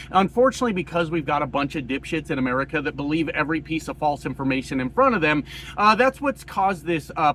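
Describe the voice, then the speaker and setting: A man from rural Colorado giving a casual, profane political rant, hoarse and coughing, rambling with many fillers. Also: fairly high pitch, fairly bright tone, slight background noise. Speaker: political commentator.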